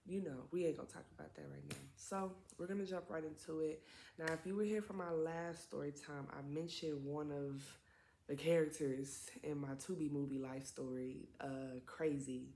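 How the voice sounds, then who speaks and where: A woman's voice: low-pitched, fairly even intonation, normal speed, dark tone. A woman in her twenties tells a story in a casual vlog. She talks in a chatty, slangy way with plenty of profanity and side remarks. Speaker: vlogger.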